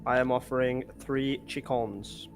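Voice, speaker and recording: A man's voice: mid-range voice, a little slow, creaky, soft background music. A man playing a casual online board game, joking and chiming in with rule tips. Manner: lively, joking, chimes in with tips. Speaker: player.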